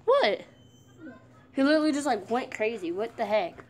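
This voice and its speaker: Give me a high-pitched young woman teasing playfully in a casual vlog. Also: expressive, fast talker, darkish tone. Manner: playful, teasing trash talk. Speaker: vlogger. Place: house, indoors and outside.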